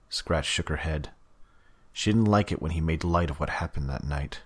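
A man narrating an audiobook in a steady, even reading. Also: rumbling low, normal speed, slightly rough.

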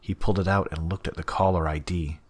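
Low husky guy reading an audiobook, steady and even. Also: quick pace. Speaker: narrator. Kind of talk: audiobook narration.

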